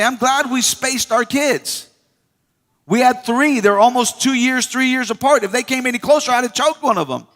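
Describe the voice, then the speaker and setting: High-voiced preacher man in an echoing hall. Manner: lively preaching with call-and-response asides. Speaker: pastor. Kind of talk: sermon. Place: church hall.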